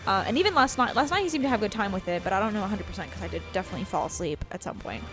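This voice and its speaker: With music in the background, a woman with a medium-pitched, expressive voice talks very fast while co-hosting a let's play. She chats casually over the gameplay, telling a long rambling story and saying "like" constantly.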